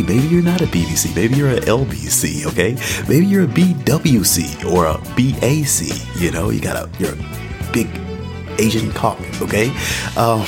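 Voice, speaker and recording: Deep-voiced jokey male podcast host. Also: vocal fry. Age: young adult. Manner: jokey, keeps tagging "okay?". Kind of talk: casual podcast monologue. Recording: music playing underneath.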